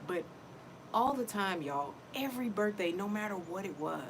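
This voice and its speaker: A woman's voice: mid-range voice, lively intonation, normal speed, background noise. A middle-aged woman talking casually and emotionally to her viewers in a personal vlog, often repeating herself. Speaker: vlogger.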